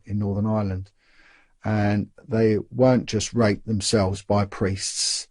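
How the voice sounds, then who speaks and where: A man's voice: fairly low pitch, husky, no room sound, studio quality. A middle-aged man, once a police officer, telling his story in candid conversation and acting out the dialogue he quotes. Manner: animated, acts out quoted dialogue, repeats and restarts words. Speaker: interview guest, former police officer.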